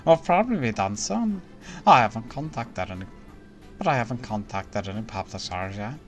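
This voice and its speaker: A brash, bossy manga artist worn out by endless deadlines, as a man reads the part aloud. The voice sits at a middle pitch and pushes loud and excitable, with faint music behind. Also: moderate pace, lightly acted. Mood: defensive. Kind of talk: reading game dialogue aloud on a stream.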